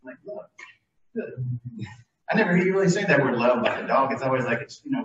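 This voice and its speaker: A man's voice: medium pitch, fast. A middle-aged man giving an informal devotional talk before communion, rambling and conversational with many fillers and restarts. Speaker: lay speaker leading communion. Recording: distant, muffled mic in an echoey room.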